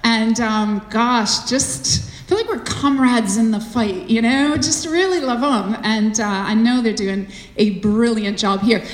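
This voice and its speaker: A woman preaching as a visiting speaker, chatty and animated, with many fillers. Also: on the high side. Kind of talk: sermon. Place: large cold church hall. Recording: echoey hall from a distance.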